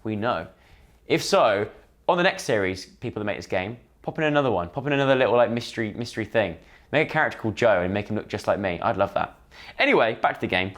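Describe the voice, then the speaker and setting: A man's voice: lowish voice, expressive, fast, a bit bright. A young man chatting through a dating game for his channel, self-deprecating and chatty. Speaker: gaming YouTuber. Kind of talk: let's-play commentary.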